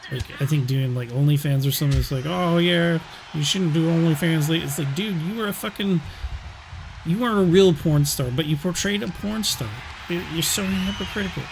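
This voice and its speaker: A man's voice: fairly high pitch, moderate pace, gravelly, noisy background. A young man doing casual gaming commentary, joking around with crude banter.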